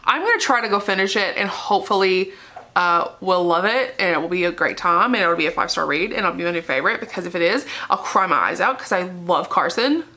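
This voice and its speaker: A young book vlogger chats casually at home in a dark living room about books she read, gushing emotionally, laughing often and becoming tearful. Her voice is fairly low with lively intonation, bright and forceful, and she talks fast.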